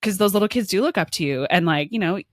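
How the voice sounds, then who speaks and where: Low-voiced woman interviewer. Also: expressive, fast talker, no room sound, studio quality. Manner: encouraging backchannels, loose phrasing. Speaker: interviewer host. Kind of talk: casual interview.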